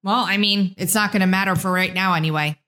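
A woman's voice: mid-range voice, fairly even intonation, quick pace, pushed and bright. Chatty woman co-hosting a podcast. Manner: chatty, laughs easily. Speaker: podcast co-host. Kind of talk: casual political talk.

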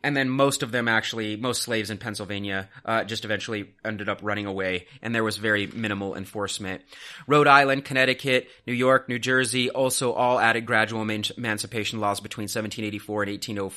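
A man hosting a history podcast, talking casually in an animated, sarcastic way. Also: fairly low pitch, fast.

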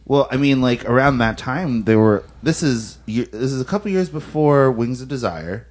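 A man co-hosting a casual film podcast with a lively, up-and-down voice. He rambles playfully from one thought to the next. His middle-pitched voice sounds relaxed and chatty. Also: moderate pace. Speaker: podcast co-host.

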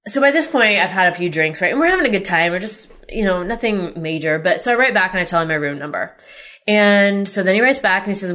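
A woman's voice: lowish voice, a bit bright. Candid woman telling a personal story. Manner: candid and exasperated, swears freely. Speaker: podcast host.

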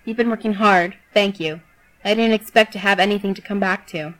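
A woman voicing a cold young woman who commands insects, delivering threats in a calm, level voice. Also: medium pitch, a little fast, natural voice, rough recording. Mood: quiet.

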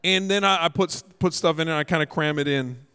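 A man's voice: a little high, quick pace, pushed and bright, clear, resonant tone. A male pastor from Canada giving a humorous, storytelling sermon with emphatic delivery. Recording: echoey hall.

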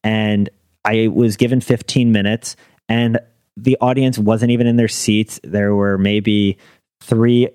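A man's voice: fairly low pitch, little pitch movement, slow pace, darkish tone, smooth, no echo, clean studio sound. A young man, a stand-up comedian, telling stories in casual chat and laughing through his anecdotes.

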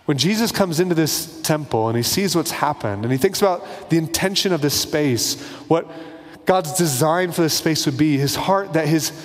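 A man's voice: a little high, in a large hall. A man preaching a sermon in a casual, conversational way, acting out little bits of dialogue. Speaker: pastor.

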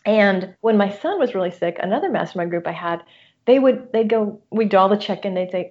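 A woman's voice: medium pitch, expressive, brisk, darkish tone. A middle-aged woman, a coach and guest, speaking candidly about personal loss in an earnest, open way with many restarts. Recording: muffled lo-fi audio.

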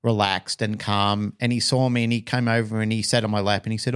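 Australian man telling a lively story. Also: on the low side, brisk, clear, resonant tone. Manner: animated storyteller, acts out quoted voices. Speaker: podcast co-host. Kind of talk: casual chat, personal storytelling.

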